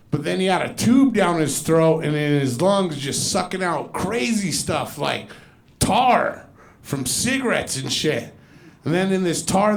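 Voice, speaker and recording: A man in his forties doing a profane stand-up comedy set on a club stage, telling loose stories and putting on loud, exaggerated voices. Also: fairly high pitch, vocal fry. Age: 40s.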